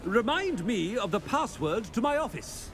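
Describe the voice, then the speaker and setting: An actor playing a vain, pompous middle-aged headmaster who talks in a haughty, flustered way. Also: male voice, sits high, big pitch swings, normal speed.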